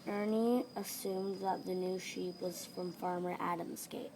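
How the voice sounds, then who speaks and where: A woman's voice: on the low side, steady tone, unhurried. A woman reading a children's story aloud with plain, careful narration over a noisy home recording.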